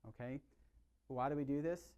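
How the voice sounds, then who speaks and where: A middle-aged man, a chiropractor, giving an energetic, conversational health talk to his patients and often asking them questions. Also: mid-range voice, normal speed, clean tone. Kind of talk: live workshop talk to patients.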